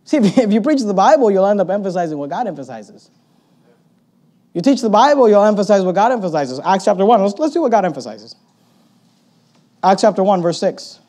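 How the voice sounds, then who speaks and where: A male pastor preaching a sermon in an animated way, swinging between loud emphatic bursts and quiet asides, with a sarcastic edge. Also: sits high, a little fast, pauses often. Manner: sarcastic, mocking quoted opponents in put-on voices.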